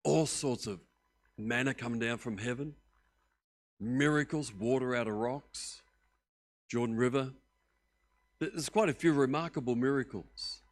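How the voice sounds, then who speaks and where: A middle-aged man, preaching a sermon as pastor, telling the story with lively acted-out voices that swing from loud to hushed. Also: mid-range voice, a little slow, long pauses. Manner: animated storytelling, acting out voices with big swings in loudness.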